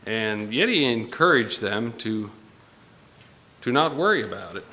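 A man's voice: fairly low pitch, sing-song, bright, forceful tone, a little hiss or hum. Man preaching in an echoing church. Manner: unhurried, pausing with fillers, reading scripture aloud. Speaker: pastor. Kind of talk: sermon. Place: church sanctuary. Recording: long hall reverb with faint ambience.

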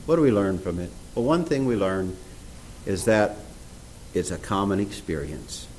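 A man's voice: deep voice, normal speed, slight background noise, poor audio. A man preaching a sermon, reading scripture aloud and asking the audience questions. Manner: animated, reads scripture aloud in old English, asks the audience questions.

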